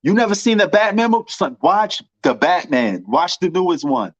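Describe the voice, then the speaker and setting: A man's voice: sits high, sing-song, moderate pace, no echo, muffled recording. A man with a New York accent chatting casually and rambling about movies, full of slang and fillers. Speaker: movie commentator. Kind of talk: casual chat.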